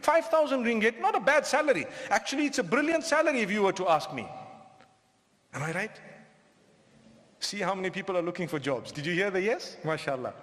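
A male preacher from southern Africa giving a humorous, animated lecture to a live audience and often questioning the crowd. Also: high-pitched, brisk. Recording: long hall reverb.

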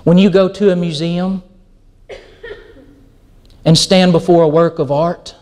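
A man's voice: high-pitched, measured pace. A middle-aged man giving a sermon as a pastor, telling stories and acting out quoted dialogue. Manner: animated storytelling, acts out quoted dialogue.

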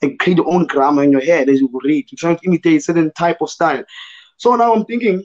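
Hoarse South African man, rambling. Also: fairly high pitch, fast, darkish tone, muffled recording. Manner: loose and rambling, many fillers like "you know" and "man". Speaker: guest poet. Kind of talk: casual conversation in a virtual panel.

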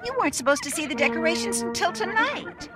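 Gentle mermaid woman. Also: very high voice, expressive, fast. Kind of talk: cartoon voice acting. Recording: distant film audio under loud music.

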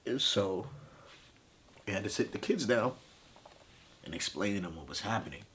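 A man in his thirties, a podcast host, telling a personal story of grief in a halting, emotional way with frequent fillers. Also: on the low side, expressive, fairly bright tone, slight background noise. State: grieving.

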